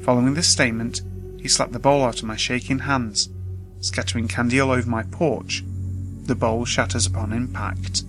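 A man reading a scripted first-person horror story in a steady, measured way, with faint music behind. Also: medium pitch, poor audio.

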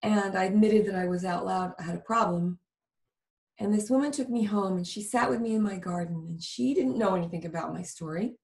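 A woman's voice: medium pitch, a little fast, vocal fry, darkish tone. A woman guest earnestly telling a personal story in a conversation. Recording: roomy, distant sound.

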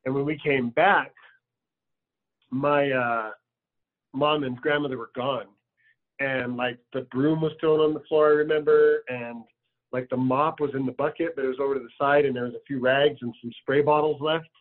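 A man's voice: mid-range voice, steady tone, moderate pace. A man telling a personal story in a loose, conversational way with lots of fillers. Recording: tinny phone-like sound.

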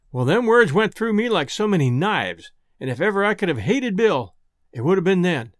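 A man's voice: high-pitched, very animated, moderate pace, dry recording, studio quality. A man narrating a story in the first person with a folksy, rustic way of talking.

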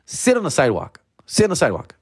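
A man's voice: on the high side, wildly swooping pitch, fast, husky, no echo, studio quality, pitched above the performer's own voice, heavily acted. A man voicing a pushy, easily offended male cop who stammers and barks orders. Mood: bossy. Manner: shouting, stammering, indignant.

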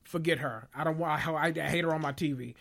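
A man from the South, hosting a podcast in casual, opinionated chat with dramatic swings in pitch. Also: brisk, vocal fry, a bit bright. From Southern United States. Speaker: podcast host.

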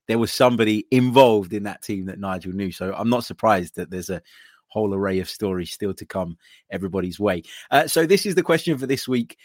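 A man with a fairly low voice hosts a betting podcast and reads listener messages aloud. His manner is easygoing and chatty. The recording is dry and close, with no room sound. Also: no room sound. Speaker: podcast host. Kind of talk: casual podcast hosting.

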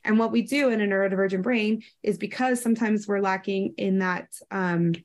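A woman in her thirties talks through ideas in relaxed conversation. She explains step by step and now and then acts out short quoted lines. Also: medium pitch, brisk. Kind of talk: casual educational chat.

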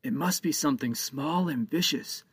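A man voicing a worried male pirate captain who talks in hushed, urgent tones. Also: a little high, moderate pace, slightly rough, no echo, voice pushed up.

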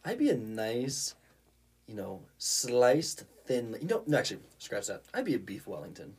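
A man's voice: mid-range voice, wildly swooping pitch, normal speed, husky. A man with a Colorado accent co-hosting a podcast, playful and stretching words out for effect. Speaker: podcast co-host. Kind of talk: casual podcast banter.

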